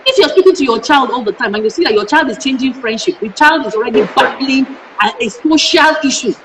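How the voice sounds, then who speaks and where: A woman's voice: high-pitched, fast talker, slight background noise. A middle-aged Nigerian woman, a parenting educator, speaking passionately in an interview and firing off emphatic rhetorical questions. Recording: echoey room.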